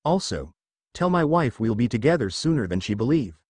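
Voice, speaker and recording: A man's voice: mid-range voice, very animated, fairly quick, a little mellow, no room sound. A man voicing Naruto, a brash young male ninja, speaking eagerly and expressively in a fan fiction audiobook. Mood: tearful.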